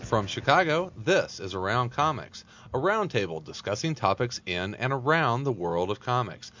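A man's voice: mid-range voice, big pitch swings, moderate pace, a bit bright, soft background music. A man hosting a casual comics roundtable podcast as a loose, upbeat emcee who often says "uh.". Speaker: podcast host. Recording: muffled lo-fi podcast audio.

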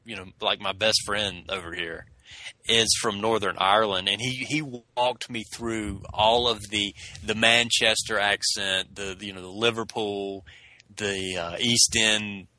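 A man's voice: on the low side, fairly even intonation, unhurried, sharp tone, dry recording, low-quality recording. A man with a Southern US accent, co-hosting a podcast in casual chat, joking and taking his time to get to the point. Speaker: podcast co-host.

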